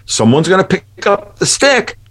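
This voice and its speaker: A man's voice: high voice, sing-song, normal speed, fairly bright tone. A man talking as a guest commentator in a casual chat, rambling and emphatic, often restarting his sentences.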